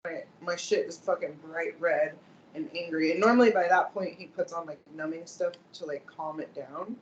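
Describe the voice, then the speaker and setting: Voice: mid-range voice, normal speed, lo-fi sound. Co-host, rambling and profane; roomy sound with faint hiss. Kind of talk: casual chat.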